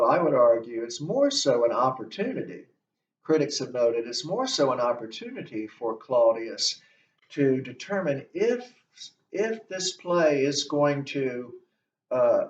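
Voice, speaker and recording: Distant roomy male instructor lecturing. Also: mid-range voice. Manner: deliberate, explanatory, walks through the text line by line. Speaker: literature instructor. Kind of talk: recorded literature lecture. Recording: dull, distant, roomy recording.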